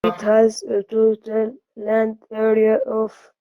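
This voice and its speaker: A female student reading a text aloud in class, halting and stumbling over words. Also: on the high side, monotone, no echo, phone-quality sound.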